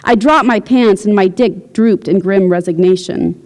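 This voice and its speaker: Woman author reading her story out loud, steady pace, long echo, university hall. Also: medium pitch, moderate pace. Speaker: visiting writer. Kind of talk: reading fiction aloud.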